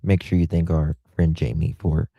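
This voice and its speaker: A man's voice: extremely low pitch, level tone, moderate pace, dark tone, no room sound, muffled recording. A man hosting a casual livestream, chatty and defiant, thanking his viewers. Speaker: livestream host.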